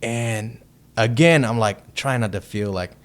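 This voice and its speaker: Metal musician from Texas, podcast guest, mid-pitched man, swears freely and gets excited mid-story. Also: measured pace. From Texas, United States. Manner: loose, profane, excitable storyteller. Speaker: heavy metal band member, podcast guest. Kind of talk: casual storytelling chat.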